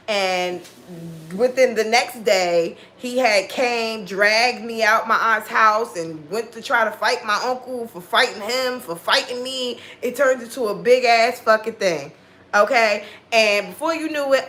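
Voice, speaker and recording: A woman's voice: a little high, sharp tone. A woman telling a personal story in a casual monologue, blunt and full of swearing, acting out what people said. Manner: blunt and heavily profane, acting out quoted dialogue.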